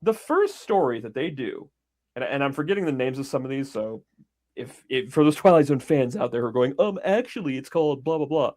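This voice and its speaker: A man's voice: mid-range voice, fairly quick. A man co-hosting a casual podcast, retelling a film scene by scene with lots of swearing and little acted-out bits. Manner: animated storyteller, swears freely, acts out scenes. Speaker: podcast co-host.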